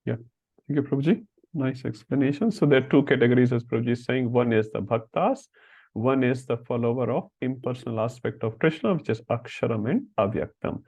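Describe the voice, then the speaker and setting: A patient man leads an online scripture class. His voice sounds mellow and muffled, with dull lo-fi call audio. He calls on students one by one. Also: mid-range voice, brisk, vocal fry, breathy edge. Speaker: class teacher. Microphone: video call.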